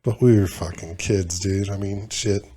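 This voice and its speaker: A man's voice: low voice, fairly even intonation, normal speed, warm tone, a little hiss or hum. A man in his forties co-hosting a podcast, telling stories in a blunt, laid-back way and swearing freely. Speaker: podcast co-host. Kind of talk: casual chat.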